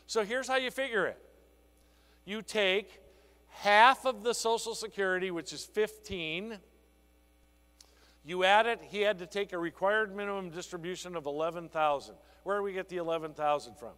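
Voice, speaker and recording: Animated man telling a sales story in a hall. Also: on the high side. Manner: animated storytelling, acting out a client conversation. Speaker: sales trainer. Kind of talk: conference keynote. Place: conference hall.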